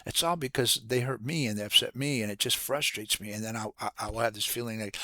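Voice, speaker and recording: A man giving an earnest, casual devotional talk, halting and restarting as he repeats words. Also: medium pitch, animated, bright, forceful tone, dry recording. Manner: earnest, preacherly. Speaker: host of a Christian devotional channel.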